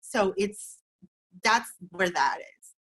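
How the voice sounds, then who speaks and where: A woman's voice: mid-range voice, expressive, takes it slowly, a bit bright. A middle-aged woman, a guest on an interview show, speaking earnestly and encouragingly and repeating phrases for emphasis. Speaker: guest, cancer survivor and speaker.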